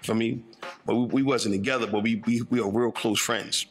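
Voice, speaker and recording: A northern New Jersey man in his fifties reflects on his own life story conversationally, using street slang and repeatedly asking "you know what I'm saying." His medium-pitched voice moves at normal speed with fairly even intonation, over faint background music.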